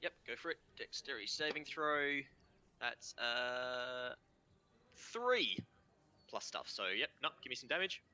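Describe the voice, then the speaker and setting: With an Australian accent, a man narrates a tabletop game as its game master, casual and quick to laugh, often trailing off with fillers like "um" and "kind of." His medium-pitched voice is bright, forceful, clear, and resonant at a normal speed.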